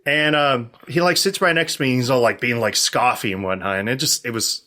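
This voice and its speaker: A man in his thirties telling a story on a casual podcast, acting out the people in it with lively voice changes. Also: brisk. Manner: animated, jumps to high-pitched exclamations and voices for people in his stories.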